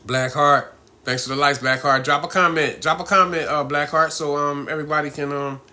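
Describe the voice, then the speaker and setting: A middle-aged man chatting on his own live stream in a bright, forceful voice pitched a little high for a man. He rambles loosely, chuckles often and keeps checking in with his listeners. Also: fairly even intonation, a little fast. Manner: loose, rambling, laughs often, frequent "you know what I mean". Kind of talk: casual live-stream talk.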